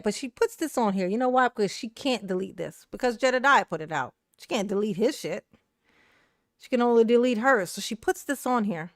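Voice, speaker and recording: A woman's voice: fairly high pitch, dry recording, studio quality. A woman host giving casual, blunt reaction commentary, sassy and profane and laughing often.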